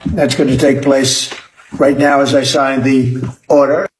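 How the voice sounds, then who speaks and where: A man making a formal, deliberate announcement at a signing, heard in a played clip. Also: mid-range voice, little pitch movement, a little hiss or hum. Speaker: politician at a signing. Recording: roomy archive clip.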